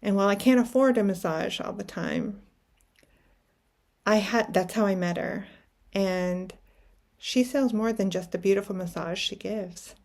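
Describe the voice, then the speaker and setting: A middle-aged woman with a slightly gravelly voice tells a personal story at a mid pitch. She is reflective and anecdotal, often restarting her sentences as she talks. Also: measured pace, pauses often, a little mellow. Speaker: podcast host.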